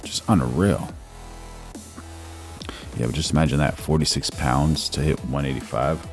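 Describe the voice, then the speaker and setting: A man's voice: rumbling low, steady tone, measured pace, faint music behind. A man hosting a live stream, giving casual news commentary, reading chat aloud and calling everyone "bro". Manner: laid-back, calls everyone "bro", reads chat aloud.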